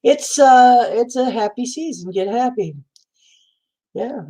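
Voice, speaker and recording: A woman's voice: a little high, expressive, slow pace, mellow. A woman hosting a casual livestream from indoors at home, chatty and often laughing, greeting viewers by name. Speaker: livestream host.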